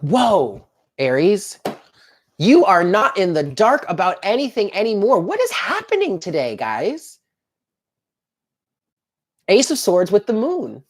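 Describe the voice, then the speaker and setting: A woman's voice: mid-range voice, huge pitch swings, slow, pauses often. A woman giving a chatty live tarot reading, talking straight to her viewers in an upbeat way. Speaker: tarot reader.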